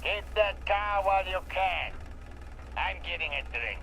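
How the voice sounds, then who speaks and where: An actor playing a volatile, menacing slaver warlord in a video game, with a vaguely European accent, ranting with profanity. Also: male voice, high voice, animated, pushed and bright, a little hiss or hum, exaggerated voice, poor audio. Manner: swings between snarling threats and slow lecturing.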